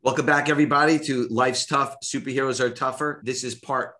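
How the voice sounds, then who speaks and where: A man's voice: medium pitch, steady tone, fairly quick, pushed and bright. A man hosting a podcast, opening the episode in casual chat. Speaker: podcast host.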